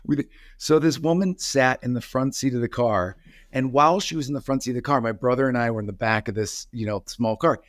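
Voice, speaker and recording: A man's voice: mid-range voice, brisk, no echo, clean studio sound. A man in his forties telling a childhood story in a casual, rambling way, full of fillers and restarts.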